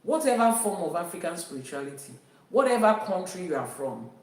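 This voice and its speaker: This woman's voice is on the low side and a bit dark, very animated and a little fast, as she teaches emphatically about Ifa spirituality and repeats her main phrases. The room is very echoey, and she sounds far from the mic.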